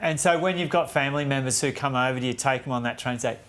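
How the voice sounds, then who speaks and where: A man's voice: medium pitch, quick pace, fairly bright tone. A man interviewing a guest on a live news program, asking short questions and laughing easily.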